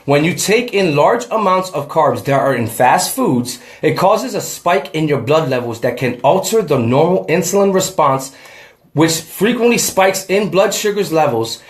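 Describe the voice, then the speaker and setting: A man's voice: on the high side, lively intonation, normal speed, reverberant. A man in a casual home workout vlog, out of breath and chatty, talking to the camera and to a friend. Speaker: fitness vlogger.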